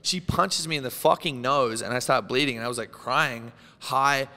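A young Australian man in his twenties, guesting on a podcast, tells wild stories in casual chat with a mid-range, bright, forceful voice at a moderate pace in a big-room sound. He rambles, swears, laughs, and acts out what people said.

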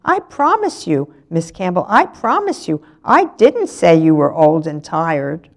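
A woman's voice: low voice, sing-song, slow pace, creaky, a little mellow, heavily acted. An anxious young schoolboy from a storybook speaks in a raised, pleading voice, put on by a woman reading aloud. He sounds earnest and eager to be believed.

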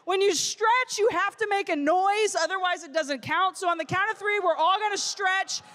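A woman in her thirties giving a lively, playful talk to teenagers at a youth conference. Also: very high voice, moderate pace. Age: 30s. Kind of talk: motivational talk to teens. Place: conference stage before a crowd.

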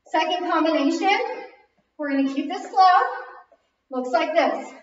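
A female fitness instructor with a very high voice leads a kickboxing class, speaking a little slowly and slightly out of breath as she works out. She energetically counts reps and calls moves, captured in a very echoey, distant, lo-fi recording.

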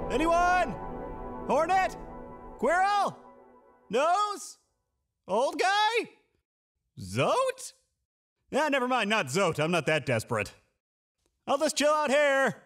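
A man's voice: very high voice, fairly bright tone. A man voicing a sarcastic, nervous little male bug knight in a comedy fan-parody, bouncing between bravado and panic. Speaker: voice actor and channel host. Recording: music bed under the voice.

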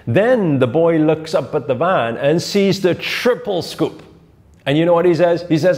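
Lively-voiced man teaching with rhetorical questions. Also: fairly high pitch, moderate pace. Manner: emphatic, rhetorical questions, repeats key phrases. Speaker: spiritual teacher. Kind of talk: motivational teaching talk.

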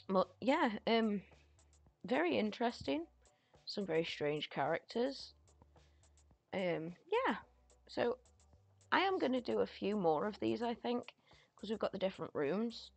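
A young woman giving chatty, excitable commentary as a gaming YouTuber. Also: medium pitch, unhurried, vocal fry, pauses often, dry recording.

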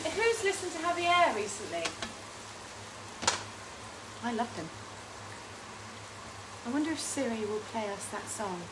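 A high-voiced woman hosts a relaxed cooking stream from her home kitchen. She chats in a rambling way, laughs often and reads out viewer comments as she cooks. A faint ambient noise sits under her voice. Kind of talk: casual live-stream chat while cooking.

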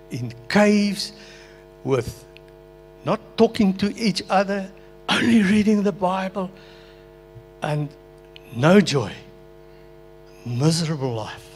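An older man preaches a personal testimony with earnest, heartfelt emotion. His voice sits somewhat high for a man. Faint music plays softly behind him in a meeting hall. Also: lively intonation, takes it slowly, long pauses. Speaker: pastor.

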